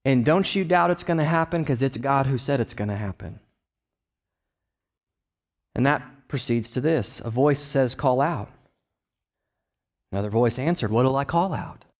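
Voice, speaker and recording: A man in his thirties from Texas preaching a sermon, conversational with personal stories, rising to loud emphatic bursts and dropping to quiet low asides. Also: expressive, moderate pace, long pauses. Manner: conversational, with restarts and personal anecdotes. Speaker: pastor.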